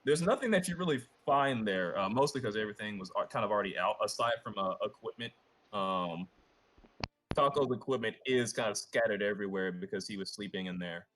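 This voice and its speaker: Hesitant game master narrating a scene. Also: male voice, on the low side, lively intonation, brisk, a bit bright. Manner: hesitant, many ums and kindas.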